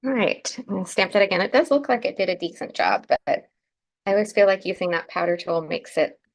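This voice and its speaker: A woman's voice: medium pitch, fairly quick. A woman hosting a live crafting demonstration, chatting through each step as she works, with a groggy morning voice. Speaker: craft show host.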